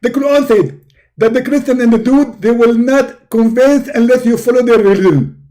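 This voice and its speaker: A man putting on the voice of a stubborn male preacher who shouts and keeps repeating himself. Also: very high voice, moderate pace, voice pushed up. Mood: insistent.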